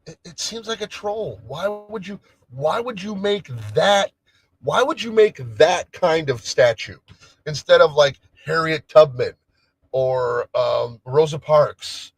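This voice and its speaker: A man's voice: fairly high pitch, measured pace, poor audio. A man hosting a casual solo livestream, chatting in a rambling way with lots of restarts and trailing thoughts. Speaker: livestream host. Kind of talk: casual solo stream chat.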